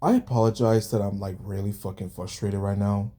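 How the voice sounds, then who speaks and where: A young man venting angrily on a vlog, yelling and swearing about his job. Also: on the low side, steady tone, brisk. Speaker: vlogger. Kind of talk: angry rant vlog.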